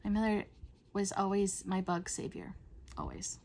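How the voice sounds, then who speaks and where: A middle-aged woman hosting a coloring video, chatting in a rambling way and often dropping to a soft whisper. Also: medium pitch, sing-song, normal speed, vocal fry, a little hiss or hum. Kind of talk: casual chat while coloring.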